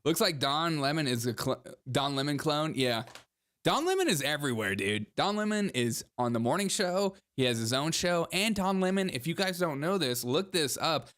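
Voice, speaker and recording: A man's voice: on the high side, sing-song, normal speed, fairly bright tone. A young man hosting a comedy show, riffing sarcastically on the news and laughing often. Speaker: podcast host. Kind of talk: comedic political commentary.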